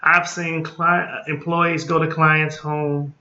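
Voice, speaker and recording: Blunt folksy guy giving a training talk, bright voice, slow and deliberate, echoey muffled room. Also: a little high, flat delivery. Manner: blunt, folksy, repeats points and tags them with "okay?". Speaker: group home licensing consultant.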